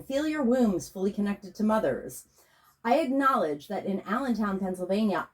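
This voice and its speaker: A woman, a spiritual healing facilitator, reading a scripted guided meditation and invocation in a slow, measured way. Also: medium pitch, a little mellow.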